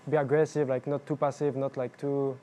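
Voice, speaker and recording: A young man, a professional gamer, answering post-match interview questions in halting, filler-heavy speech. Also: medium pitch, little pitch movement, mellow. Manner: halting, filler-heavy, non-native phrasing. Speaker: pro jungler interviewed after a match.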